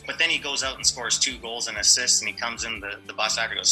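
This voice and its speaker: A man's voice: mid-range voice, quick pace, hardly any pauses, pushed and bright, faint music behind, low-quality recording. A man telling casual, loose locker-room anecdotes about a former teammate. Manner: loose, laughing storyteller with swearing.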